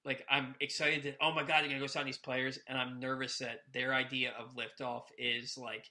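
A man co-hosts a casual sports podcast with a bright, ringing voice. He rambles and gets animated, restarting his sentences and repeating words as he works himself up. His pitch sits at a middling level for a man. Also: brisk. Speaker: podcast co-host.

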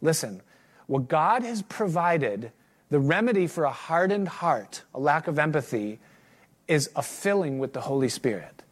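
Middle-aged male preacher, earnest, slightly raised pitch, sermon delivery. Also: big pitch swings, measured pace. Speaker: pastor. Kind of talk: sermon with a read-aloud excerpt.

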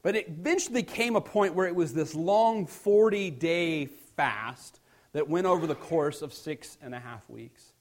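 A man's voice: a little high, a little slow. A man preaching a sermon as pastor, reading scripture aloud with rising emphasis and explaining it in a conversational tone.

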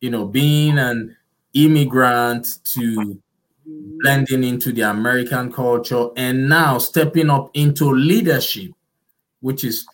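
A man's voice: mid-range voice, steady tone, a little slow, slight background noise, poor audio. A man with a non-native English accent hosting an interview, encouraging and emphatic. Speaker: podcast host.

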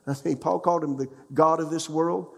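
A man's voice: a little high, fairly even intonation, moderate pace, gravelly, long reverb tail. A pastor in his sixties preaching a conversational sermon, often asking the congregation questions.

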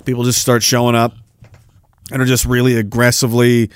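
A man's voice: medium pitch, monotone, a little fast, clear, resonant tone, dry recording. A man hosting a podcast, ranting in a sarcastic, mocking way and laughing at his own jokes. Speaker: podcast host. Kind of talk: casual ranting commentary.

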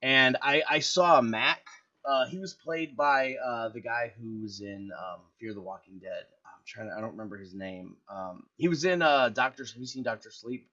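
A man on a podcast talks movies in a loose, rambling way and stops often with "uh" and "um" while he searches for names. His voice is bright and forceful at a middle pitch. The recording sounds slightly dull and lo-fi. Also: moderate pace. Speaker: podcast co-host. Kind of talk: casual movie chat.

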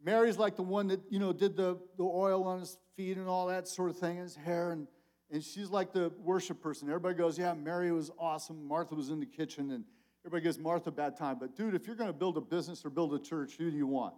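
An older man delivers a sermon in a loose, conversational style. He swings from loud, emphatic calls to soft, low asides, and his voice sits a little high for a man. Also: fast talker. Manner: animated, conversational preaching with big swings in volume. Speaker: conference speaker.

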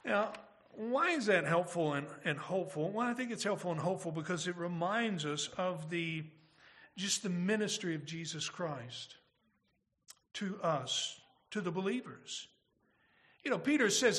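Male pastor, high bright voice, earnest preaching with rhetorical questions. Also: unhurried. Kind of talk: sermon.

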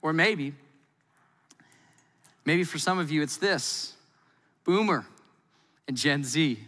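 A man preaching a sermon in a lively, playful, conversational way. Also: on the high side, takes it slowly, big-room sound. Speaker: pastor.

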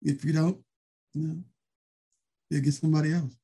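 Mellow-voiced rambling former wrestler. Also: male voice, a little high, level tone, moderate pace, slightly rough. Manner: rambling, peppered with fillers. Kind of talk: casual storytelling interview.

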